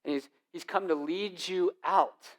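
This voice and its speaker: A young man preaching from the pulpit, his voice sitting a little higher than most men's. He tells stories with casual slang, swinging between loud bursts and quiet, hushed moments. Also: a little slow. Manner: animated storytelling with casual slang. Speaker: lead pastor. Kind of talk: sermon.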